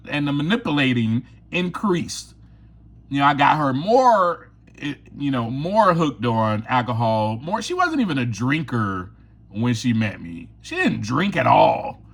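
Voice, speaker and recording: A man's voice: on the high side, a bit bright. A man hosting his own podcast, telling a personal story in a candid, confessional way and laughing often. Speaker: podcast host.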